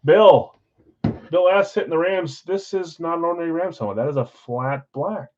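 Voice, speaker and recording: Man calling live card breaks, muffled audio. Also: a little high. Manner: energetic countdowns, chatty with viewers; auctioneer-like rapid calls.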